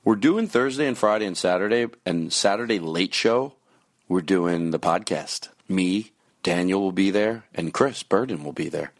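A deep-voiced man hosts his podcast, rambling animatedly through plugs and announcements in a loose, self-mocking intro. He speaks at normal speed, and the studio sound is clean with no echo.

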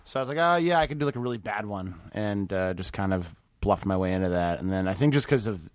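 A man chatting casually on a comedy podcast, his pitch jumping around as he tells stories. He laughs often and swears freely. The sound is dry and close. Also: animated, fast talker, no room sound. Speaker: comedian guest. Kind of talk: casual chat.

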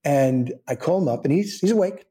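A middle-aged man, a guest actor in a podcast interview, telling a story with animated energy, acting out the people he quotes, with many fillers and restarts. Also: on the high side, a little fast. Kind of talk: casual anecdote in a podcast interview.

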